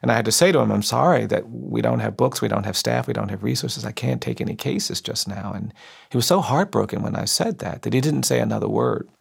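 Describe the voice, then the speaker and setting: Man, middle-aged, very gravelly, husky, earnest storyteller. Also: mid-range voice. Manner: slow, earnest storytelling with quoted voices. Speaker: civil rights lawyer. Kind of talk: storytelling speech.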